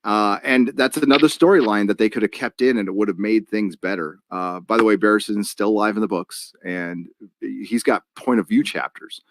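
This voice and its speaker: A man's voice: lowish voice, normal speed, slight background noise. A man hosting a live stream, reading donations and ranting in a casual way with many fillers and restarts.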